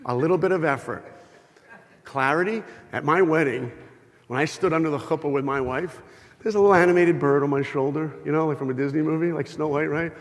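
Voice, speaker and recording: Animated man in a reverberant hall. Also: fairly high pitch, a little fast. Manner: animated, humorous, acts out dialogue. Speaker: speaker giving an inspirational talk. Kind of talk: lively storytelling talk to a live audience. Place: large hall with an audience.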